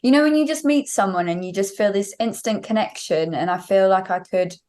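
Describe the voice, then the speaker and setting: A woman's voice: mid-range voice, fairly quick, darkish tone. A young woman singer, a guest on an interview show, telling a story at length with many fillers. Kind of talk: casual interview chat.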